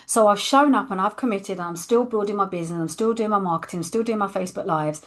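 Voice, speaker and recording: A woman's voice: medium pitch, quick pace. A woman, a coach candidly telling her personal story and acting out her past thoughts.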